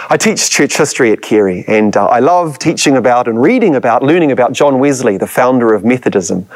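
A man's voice: mid-range voice, very animated, a little fast, few pauses. A man, a church history lecturer, preaching a sermon with dramatic emphasis and rhetorical questions put to his listeners.

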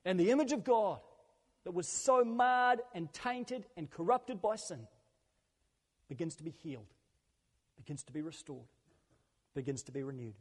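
Man, pastor, earnest conversational sermon, higher voice, long church-hall reverb. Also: lively intonation, moderate pace, pauses often. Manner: earnest, conversational preaching with repeated phrases.

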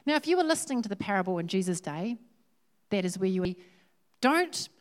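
A woman who preaches a sermon in a lively, humorous, conversational way. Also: mid-range voice, fast.

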